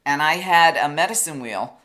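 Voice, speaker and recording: A woman's voice: deep voice, expressive, moderate pace, a bit bright. A woman hosting a radio talk show, affirming her co-host and steering the show into its breaks. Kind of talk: casual chat.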